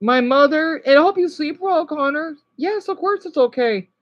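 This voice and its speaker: A woman's voice: sits high, animated, normal speed, no room sound, lo-fi sound. Woman, thirties, casual stream chat, nostalgic and talkative, dry close mic. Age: 30s. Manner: chatty, nostalgic, greets viewers by name. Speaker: streamer reacting to videos.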